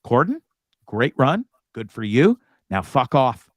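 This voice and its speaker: A man's voice: medium pitch, big pitch swings, a little slow, no echo, clean studio sound. A man hosting a live talk show, ranting casually with lots of profanity. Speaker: host.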